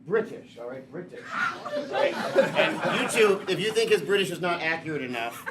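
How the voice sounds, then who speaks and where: A man with a fairly high voice hosts a live improv comedy show. He chats with the audience, laughs easily and hesitates with fillers. The recording is noisy and clearly from a live stage. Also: big pitch swings, normal speed, over a noisy crowd.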